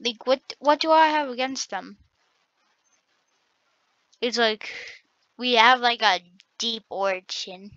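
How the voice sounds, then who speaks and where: A woman hosts her own gaming video, commentating excitedly as she plays and trash-talks the other players. Her voice sits high and sounds bright and sharp, and she talks at an easy, unhurried pace. The recording is dry and dull, with a lo-fi quality. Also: dry recording. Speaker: gaming channel host. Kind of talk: gameplay commentary.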